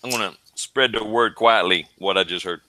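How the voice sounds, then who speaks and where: A man with a somewhat low voice and a very bright, sharp tone plays at a tabletop game. He keeps cracking jokes and laughing along with the others. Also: normal speed, no echo. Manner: jokey, laughs often. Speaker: player. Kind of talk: casual tabletop play.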